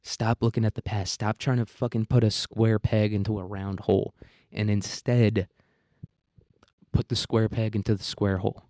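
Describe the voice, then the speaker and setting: A young man with a rambling, crude, deadpan manner, ranting satirically as a podcast host on a close microphone. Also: lowish voice, moderate pace, no room sound. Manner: rambling, crude, deadpan provocative, many restarts. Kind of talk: satirical comedic rant.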